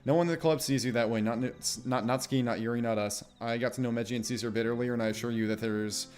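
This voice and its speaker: A man's voice: medium pitch, steady tone, fast, darkish tone, faint music behind, close to an everyday voice. A man reading aloud as a caring teenage girl who leads a school club, earnest and reassuring, in his own voice.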